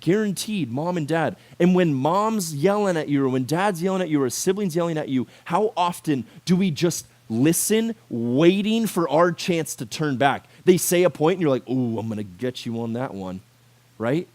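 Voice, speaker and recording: A male youth pastor giving a laid-back sermon with a slightly higher-pitched voice. He talks in a lively, chatty way and peppers the talk with rhetorical questions and casual filler words. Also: moderate pace, few pauses. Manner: animated, conversational, full of "like" and rhetorical questions.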